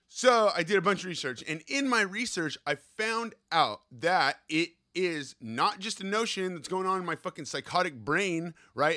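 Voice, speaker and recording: A man hosting a podcast, ranting in a loose, profane monologue. His voice sits a little high and sounds bright and forceful. He keeps checking in with his listeners as he talks. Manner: profane, animated, keeps asking "right?". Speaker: podcast host.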